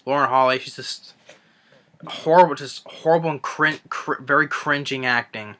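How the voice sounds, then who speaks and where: Young man, movie rant, exasperated, stumbling restarts, bright forceful voice. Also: mid-range voice, fairly even intonation. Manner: exasperated, halting, many restarts. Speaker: movie reviewer. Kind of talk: ranting movie review.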